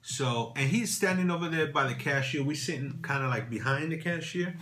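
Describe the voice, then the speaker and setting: Guy rambling thru a story, bright tense voice a bit high, says boom and right a lot, faint hiss behind. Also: brisk. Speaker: watch vlogger. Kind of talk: casual storytelling.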